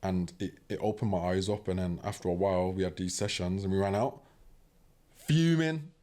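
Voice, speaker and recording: A man's voice: sits low, quick pace. A young British man telling a personal story casually and animatedly, often asking "do you know what I mean". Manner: animated, acts out quoted voices. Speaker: podcast guest.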